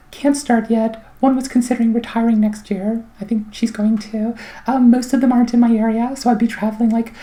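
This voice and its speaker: A middle-aged woman giving a casual, rambling personal update full of fillers and wry asides, her throat clogged so she keeps clearing it. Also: fairly high pitch, mellow. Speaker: vlogger.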